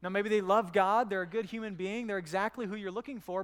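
A man's voice: high-pitched, fairly even intonation, quick pace, hardly any pauses, clean tone, in a large hall. A man preaching a sermon in a casual, conversational way, telling stories and acting out quotes. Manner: conversational, storytelling with acted quotes. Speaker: pastor. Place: church.

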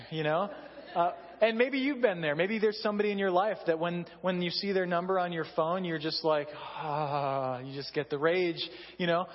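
High-voiced man preaching in a hall. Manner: conversational, self-deprecating storytelling. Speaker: pastor. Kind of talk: sermon. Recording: dull reverberant hall sound.

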